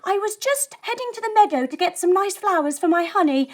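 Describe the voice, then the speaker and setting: Woman playing a quick, high, eager cartoon bee for a kids' story. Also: expressive. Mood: chirpy. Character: cheerful young bee, quick and chirpy.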